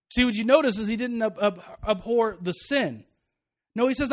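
A man, a pastor, preaching a sermon, reading scripture slowly and with emphasis and often restarting his words. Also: high-pitched, sing-song.

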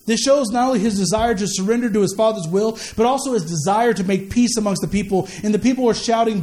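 High-voiced man preaching casually. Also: quick pace, hardly any pauses, a little mellow. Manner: conversational preaching, repeats words, asks the listeners questions. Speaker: pastor. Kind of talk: sermon.

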